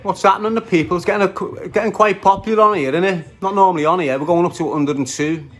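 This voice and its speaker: A man's voice: sits high, fast talker, a bit bright, soft background music. Brash Scouse man ranting on a livestream. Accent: Liverpool Scouse. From Liverpool, England. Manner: aggressive, profane, trash-talking while greeting viewers. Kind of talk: casual livestream rant.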